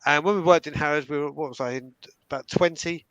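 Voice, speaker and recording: A young man tells stories in an animated, casual way, often stumbling into restarts. His voice sits fairly high and sounds smooth and resonant. The sound is close and dry. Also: fast, dry recording, lo-fi sound. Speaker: fan telling stories on a live stream. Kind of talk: casual storytelling.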